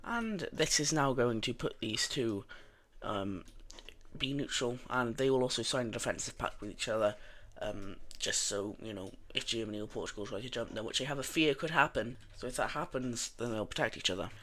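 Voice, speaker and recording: A man's voice: medium pitch, moderate pace. Casual young man narrating a map. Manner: relaxed, rambling, many fillers and restarts. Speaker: mapping video narrator.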